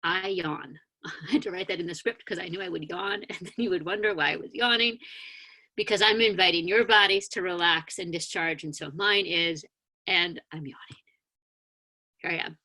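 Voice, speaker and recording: Speaking at normal speed in a voice on the low side, a woman minister delivers a sermon via video call mic. She gently guides a grounding meditation, her words calm and inviting, with a few soft hesitations.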